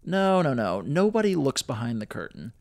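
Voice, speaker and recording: Give me a man reading a suave young guy hosting a date, casual and smooth, with a gravelly edge and a dry, close sound. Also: medium pitch, big pitch swings, moderate pace, a little mellow, dry recording. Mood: insistent.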